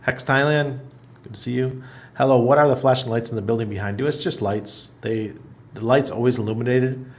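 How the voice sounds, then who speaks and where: A man's voice: mid-range voice, steady tone, fairly quick. A middle-aged man hosting a casual livestream, reading viewer comments aloud in a loose, chatty way and laughing often. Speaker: livestream host. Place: apartment in Panama.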